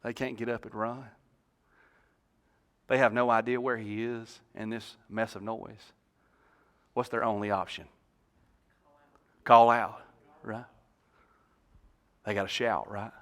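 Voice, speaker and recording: A man preaching a sermon as pastor. He tells the story in an animated way and jokes with the congregation on a church stage. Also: lowish voice, slow, pauses often.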